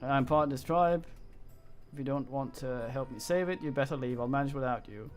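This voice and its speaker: A man reading out a proud, furious exiled barbarian woman from a fantasy game, voiced plainly at a middling pitch with slips over the words. Music sits faintly behind. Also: a little fast, lightly acted. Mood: defiant. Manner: reads dialogue aloud, stumbles on words.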